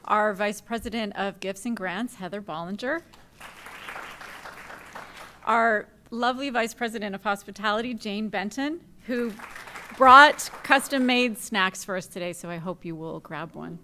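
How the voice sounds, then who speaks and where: Bright-voiced woman reading from notes. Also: medium pitch, a little slow, a faint crowd, a little hiss or hum. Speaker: parent association co-president. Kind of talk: speech from notes.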